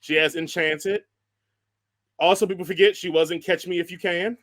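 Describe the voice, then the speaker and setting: A man's voice: sits high, fairly even intonation, moderate pace, a bit bright. A man hosting a podcast in casual chat, joking, laughing often and rambling through lists. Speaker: podcast host.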